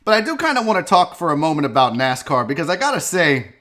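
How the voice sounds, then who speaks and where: A man's voice: on the high side, big pitch swings, fast talker, a bit bright. A man hosting a live sports show, rambling and swearing loosely as he drinks on air. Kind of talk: loose live-stream talk.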